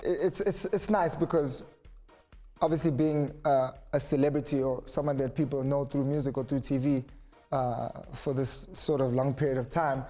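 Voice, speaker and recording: A man's voice: medium pitch, steady tone, normal speed, mellow, faint music behind. A man, speaking as a musician guest in an earnest, thoughtful way. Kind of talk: reflective conversation.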